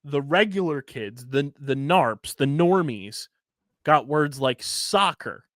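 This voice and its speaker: A man's voice: fairly high pitch, takes it slowly, dry recording, studio quality. A man, co-hosting a casual podcast and telling stories with lots of swearing. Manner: animated storytelling, swearing, spells words letter by letter. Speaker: podcast co-host.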